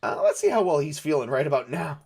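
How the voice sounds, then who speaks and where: A man's voice: a little high, big pitch swings, fast, creaky, darkish tone, husky. A man narrating a solo tabletop game, thinking aloud with frequent hesitations and fillers. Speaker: game master and solo player.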